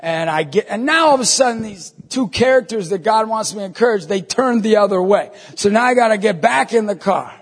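A Catholic evangelist man giving an animated storytelling sermon, acting out dialogue with emphatic bursts. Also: sits high, fairly quick, hardly any pauses, husky, in a large hall.

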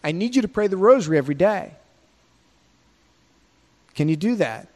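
Our Lady, a gentle pleading heavenly mother, as a man puts her on. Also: high-pitched, animated, moderate pace. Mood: asking. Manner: plain conversational pleading. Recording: long hall reverb.

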